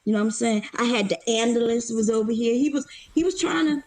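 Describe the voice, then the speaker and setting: A woman's voice: fairly high pitch, fast, a little mellow. A woman guest on a livestream, talking brashly and teasingly with lots of cursing, a bit out of breath. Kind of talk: casual livestream chat.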